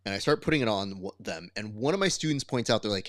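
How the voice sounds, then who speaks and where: Guy coach telling funny gym stories, really lively voice, dry sound. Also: lowish voice, rapid-fire, no room sound. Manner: expressive, acts out quotes, comic exasperation. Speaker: podcast co-host and jiu-jitsu coach. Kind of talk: animated storytelling chat.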